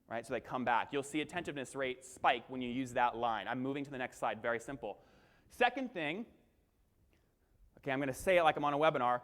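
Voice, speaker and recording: A young man giving an energetic conference keynote, talking straight to the crowd and acting out his own presenting lines. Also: mid-range voice, fairly quick. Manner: punchy, crowd-engaging, acts out webinar lines. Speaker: keynote speaker. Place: large conference hall. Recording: long hall reverb.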